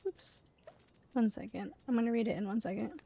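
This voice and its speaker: A woman's voice: fairly high pitch, fairly quick, gravelly, dark tone, slight background noise. A woman from the United States casually chatting while streaming a game, explaining words to her chat at an easy pace. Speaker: streamer and mother.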